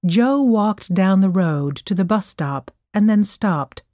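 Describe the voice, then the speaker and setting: A woman narrating a storybook chapter in a careful, expressive reading voice. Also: mid-range voice, slow, no echo, clean studio sound.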